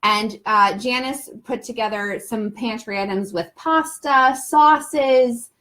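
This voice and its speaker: A woman's voice: fairly high pitch, slow, a bit bright. Chatty young woman, heartfelt. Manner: talkative, rambling and heartfelt. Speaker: guest. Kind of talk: casual live-stream chat.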